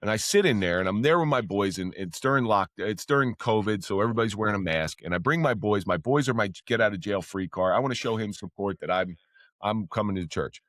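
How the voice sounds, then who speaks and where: Ex-cop guy on a podcast, low voice, dry close sound, swears, gets loud and high when excited. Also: quick pace, no echo. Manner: candid, swears freely, pitch jumps up when excited. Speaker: podcast guest, former police officer. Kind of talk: casual storytelling.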